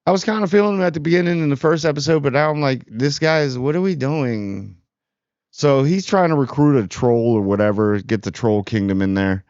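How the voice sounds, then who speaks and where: A man's voice: mid-range voice, fast, few pauses, darkish tone, clean tone, no room sound, lo-fi sound. A man hosting a casual TV spoiler review, rambling and sarcastic. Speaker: TV review channel host.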